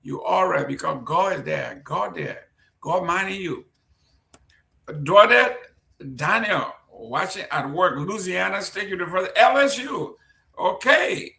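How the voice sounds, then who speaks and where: A man with a high, gravelly voice hosts a live-streamed talk show, chatty and full of jokes. His tone is bright and forceful. He was recorded in a roomy studio with a clear echo. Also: expressive, unhurried. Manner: chatty, joking, reads out shout-outs. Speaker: host.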